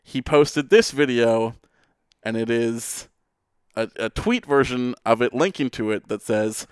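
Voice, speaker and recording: A young man co-hosting a wrestling podcast, reading tweets out as a guessing game in a deadpan, teasing way. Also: medium pitch, unhurried, clean tone, no echo, studio quality. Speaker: podcast co-host. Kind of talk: casual chat, quiz-style tweet reading.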